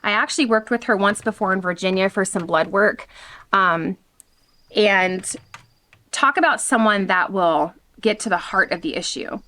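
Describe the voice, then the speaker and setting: A woman's voice: mid-range voice, moderate pace, bright, forceful tone. A woman hosting her own vlog outdoors, talking frankly and with animation straight to her viewers. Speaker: vlog host. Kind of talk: candid personal vlog talk.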